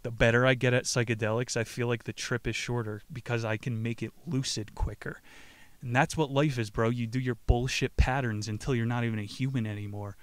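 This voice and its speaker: A laid-back man hosts a book podcast, swearing freely and drifting between reading aloud and loose commentary. His voice sits at an ordinary middle pitch. The mic is close and the sound is dry. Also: fairly even intonation, brisk, no room sound. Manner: profane, rambling, laid-back slang. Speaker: podcast host.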